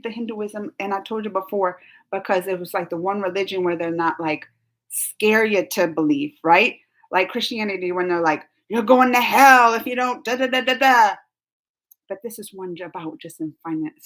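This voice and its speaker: Woman streamer, a bit high-pitched, chatty and rambling, casual live-chat delivery. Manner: chatty and rambling, says "like" a lot.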